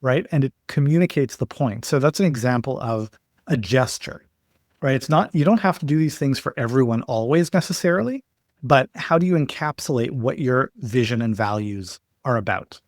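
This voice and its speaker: Guy on a podcast walking thru examples and little stories, mid pitch, dry close sound. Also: animated, normal speed, no echo. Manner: explains points with stories and examples. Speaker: podcast guest. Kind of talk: explanatory interview talk.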